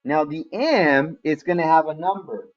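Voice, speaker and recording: A man's voice: fairly high pitch, normal speed, highs cut off. A man teaching a math lesson to a class online in a casual, friendly way, calling on students by name.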